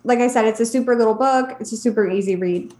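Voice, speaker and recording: A woman's voice: on the high side, fast, a little hiss or hum. Roomy-sounding woman podcast co-host. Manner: relaxed, hesitant, many "um"s. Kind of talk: casual chat about books.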